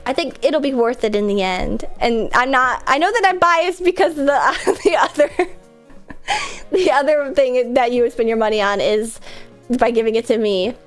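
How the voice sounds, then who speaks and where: A woman's voice: on the high side, normal speed, soft background music. Congested woman rambling on stream. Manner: rambling, filler-heavy, frequent laughs. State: congested, stuffy nose. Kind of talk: casual stream chat.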